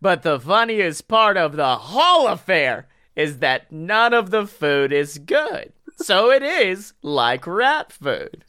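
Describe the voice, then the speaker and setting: A man's voice: high-pitched, big pitch swings, slow pace, hardly any pauses, pushed and bright, clean tone. A man hosting a comedy podcast, ranting and cursing in a rambling, joking way and sliding into a put-on accent. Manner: profane, rambling comedic rant. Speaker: podcast host.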